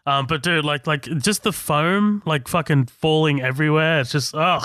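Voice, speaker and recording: A man's voice: a little high, moderate pace, fairly bright tone, clean tone, no room sound, clean studio sound. A man co-hosting a podcast, talking through a movie in casual chat, enthusiastic, swearing freely and laughing often. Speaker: podcast co-host. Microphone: podcast microphone.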